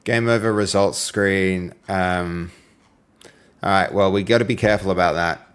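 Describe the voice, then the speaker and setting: A man with a fairly low-pitched voice talks through his game design work on a live stream. He thinks aloud as he goes, filling pauses with "um", and stops to answer messages from viewers. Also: fairly even intonation, clean tone. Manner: thinks aloud with many "um" fillers. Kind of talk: live-streamed development commentary.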